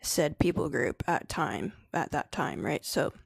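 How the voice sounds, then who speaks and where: A woman's voice: low voice, sing-song, a little slow, gravelly, husky, dry recording. A woman hosting a casual live stream, slangy and laughing often as she answers chat and drifts into spiritual preaching. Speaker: livestream host.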